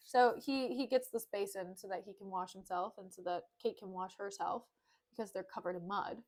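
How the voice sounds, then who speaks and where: A woman's voice: mid-range voice, steady tone, fairly quick, darkish tone. A woman streamer reading a play aloud and retelling it in casual modern words, with breezy, jokey asides.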